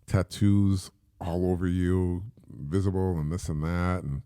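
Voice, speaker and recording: Middle-aged guy podcasting solo, gravelly low voice, rambly and chatty, dry close sound. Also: flat delivery, measured pace, warm tone, no echo. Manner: rambling, conversational, with frequent fillers and repeats. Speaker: podcast host. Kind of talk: casual solo podcast talk.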